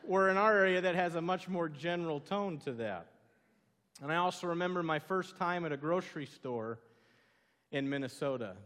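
A man's voice: fairly high pitch, expressive, normal speed, a bit bright. A man with a Southern American accent preaching a sermon as a pastor, telling stories and asking the congregation questions. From southern United States. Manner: storytelling, conversational, asks the congregation questions. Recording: long hall reverb.

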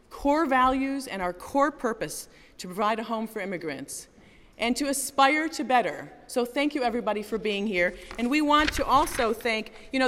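A woman's voice: on the high side, fairly bright tone, big-room sound. A woman giving an earnest public speech at a community rally, building her points in rhythmic lists.

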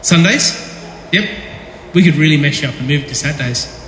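A man's voice: fairly high pitch, fairly quick, fairly bright tone, slight background noise. A man giving a casual, jokey sermon as pastor, talking with his congregation and restarting his words often. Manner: conversational, jokey, repeats words when restarting. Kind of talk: casual sermon with audience interaction. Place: large echoey church hall. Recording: echoey hall with long reverb.

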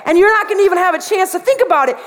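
A woman pastor preaching a sermon to students, telling a story with animated delivery and acting out her own panic. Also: extremely high pitch, rapid-fire. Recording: long reverb of a large hall.

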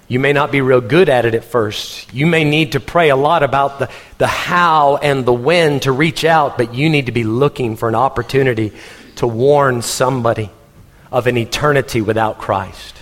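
A man from Texas, preaching a sermon in an animated storytelling manner and laughing as he goes. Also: mid-range voice, in a large hall. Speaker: pastor.

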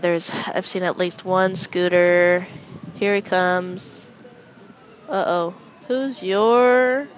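A young adult woman hosting a casual solo chat, rambling with wry, deadpan asides as she comments on people passing by. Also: fairly low pitch, slight background noise, poor audio. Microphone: close microphone.

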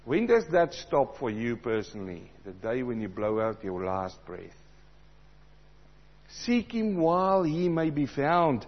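A man preaching a sermon, swinging between loud emphatic passages and low, quiet asides. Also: big pitch swings, slow, dull audio.

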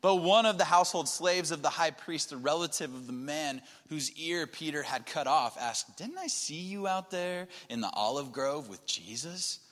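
A man preaching a sermon, dropping to a hushed low voice and then rising to loud, emphatic lines. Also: animated, moderate pace, hardly any pauses. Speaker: pastor. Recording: long hall reverb.

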